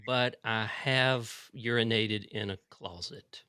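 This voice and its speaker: A man's voice: medium pitch, lively intonation, moderate pace, sharp tone, dry recording. A man co-hosting a podcast, telling stories in a dry, understated way in casual chat. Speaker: podcast co-host.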